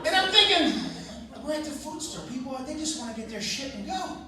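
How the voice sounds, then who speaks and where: Crude, exasperated stand-up comic, male, high voice, distant echoey room, crowd behind. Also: expressive, a little fast. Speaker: stand-up comedian. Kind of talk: stand-up comedy set. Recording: echoey live room from far off, crowd noise.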